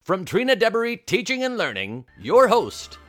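Loud, playful male announcer over music. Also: sits high, wildly swooping pitch, moderate pace. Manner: loud, playful, sing-song delivery. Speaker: show announcer. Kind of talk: energetic show intro over music.

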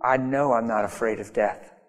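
A man's voice: medium pitch, fairly even intonation, moderate pace. A man preaching a sermon, telling stories in an emphatic way that rises to sudden bursts. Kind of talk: sermon storytelling. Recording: long hall reverb with faint music.

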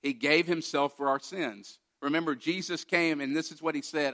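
A man's voice: a little high, normal speed, few pauses, sharp tone. A man preaching a sermon as pastor, emphatic and direct, guiding listeners through a passage and posing rhetorical questions.

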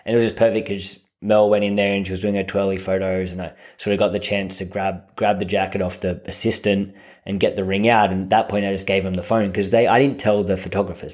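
A man who is a guest on a podcast, chatting in a relaxed, halting way with many restarts. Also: low-pitched. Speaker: podcast guest, host's fiancé. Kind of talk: casual chat.

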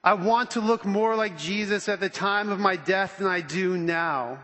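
A man preaching a sermon as pastor, animated and conversational, acting out the quotes he reads. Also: high-pitched, normal speed, in a large hall.

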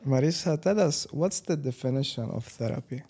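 A man's voice: medium pitch, expressive, brisk, dark tone, breathy edge. A man interviewing a guest, asking short direct questions.

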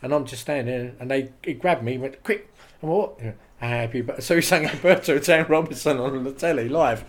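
A man with a mid-pitched voice, chatting as a guest on a local podcast. He tells anecdotes animatedly, acting out other people's lines and laughing as he goes. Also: quick pace, a little hiss or hum. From England. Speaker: interview guest. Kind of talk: casual storytelling.

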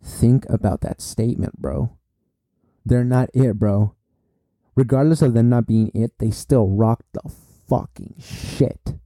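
A man casually recapping a comic chapter, excitable and repetitive, talking straight to his viewers. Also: mid-range voice, no echo, studio quality. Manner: excitable, repetitive, speaks to viewers as guys and bro. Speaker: manga recap vlogger.

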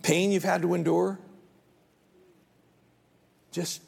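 A man's voice: high-pitched, takes it slowly, gravelly, pauses often, a little mellow, husky, big-room sound. A man preaching a sermon as pastor, earnest and rising to pleading as he voices prayers. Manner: earnest, rises to pleading when voicing prayers.

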